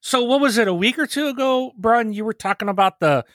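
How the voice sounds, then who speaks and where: A man co-hosting a podcast, talking casually and rambling with halting restarts. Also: very high-pitched, a bit bright, no room sound, clean studio sound. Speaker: podcast co-host.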